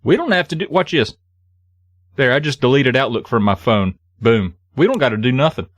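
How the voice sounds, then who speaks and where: A man's voice: medium pitch, expressive, fairly quick. A man co-hosting a comedic podcast in an exaggerated, put-on Southern US accent, goofy and mock-indignant. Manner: goofy, indignant, laid-back. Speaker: podcast co-host.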